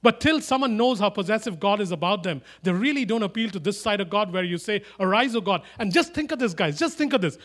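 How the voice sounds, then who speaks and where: Male preacher, high voice, animated, loud emphatic peaks, chatty "eh?" asides, sermon. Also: fast talker, hardly any pauses. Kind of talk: sermon with humorous anecdotes.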